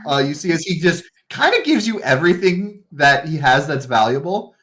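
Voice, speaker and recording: A woman's voice: low voice, sing-song, moderate pace, fairly bright tone. A woman narrating as game master of a tabletop game, chatty and giggly.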